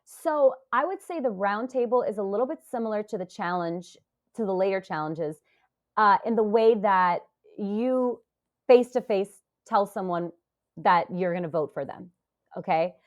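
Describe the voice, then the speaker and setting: A woman in her forties, a podcast guest, talking casually and telling stories with lively acted-out quotes. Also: medium pitch, moderate pace. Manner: animated storytelling, acts out quoted voices. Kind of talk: casual interview talk.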